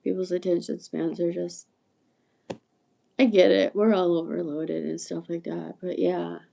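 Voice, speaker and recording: A woman's voice: on the low side, flat delivery, unhurried, creaky, mellow. A woman in her sixties rambling casually to viewers on a livestream, chatty and prone to tangents, often laughing. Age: 60s. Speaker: livestream host.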